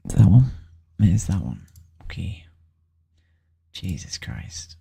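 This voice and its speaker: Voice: sits low, very animated, takes it slowly, creaky, mellow, breathy edge. A vlogger thinking aloud in a rambling, hesitant way while setting things up on a computer. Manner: rambling, hesitant, trailing off with many ums.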